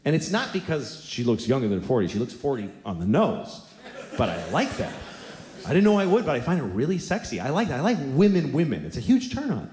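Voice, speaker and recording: A man in his forties performing a stand-up comedy set on a theater stage, ranting with exasperated, strained high outbursts. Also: a little mellow. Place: large theater stage before a live audience. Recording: roomy theater sound with audience noise. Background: audience laughter and room ambience.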